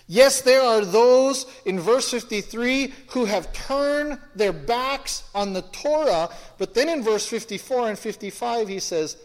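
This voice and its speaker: A man with a somewhat high voice teaches scripture verse by verse. He talks in a conversational, questioning way, and his voice rings with a long hall reverb. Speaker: Bible teacher. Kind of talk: expository Bible teaching.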